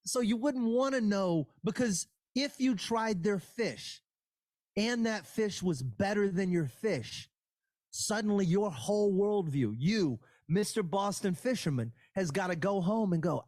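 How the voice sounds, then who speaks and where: A man's voice: high voice, expressive, unhurried, a little mellow, dry recording. A man in casual podcast chat, making emphatic, argumentative points with plenty of swearing.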